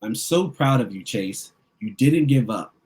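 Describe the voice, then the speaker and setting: A man voicing a patient father in a picture book, calmly teaching his son. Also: mid-range voice, a little slow, lightly acted. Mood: gentle. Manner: calm, gentle, instructive.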